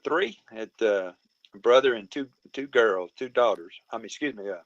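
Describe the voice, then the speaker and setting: Halting, polite man. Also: fairly low pitch, expressive, no echo, dull audio. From Mobile County, Alabama. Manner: halting, many fillers and restarts, polite. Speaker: guest. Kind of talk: casual conversation.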